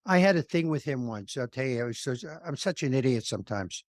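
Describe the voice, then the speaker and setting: A man co-hosting a podcast interview, telling lively stories and laughing at himself. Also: medium pitch, fast talker, no echo, clean studio sound. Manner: animated storyteller, laughs at himself. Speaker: podcast co-host. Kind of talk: casual interview chat.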